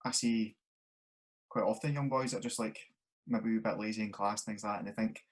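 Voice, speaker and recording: Scottish man, thirties, interview host, quick talker, brief agreeing interjections. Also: lowish voice, fairly even intonation. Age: 30s. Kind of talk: casual interview chat.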